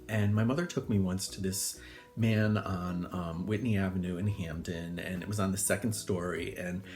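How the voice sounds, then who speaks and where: A man's voice: normal speed, a little mellow, faint music behind. A man, an older hairdresser from Connecticut, telling rambling personal stories in a casual monologue full of fillers. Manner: chatty, rambling, full of fillers, acts out voices in high squeals.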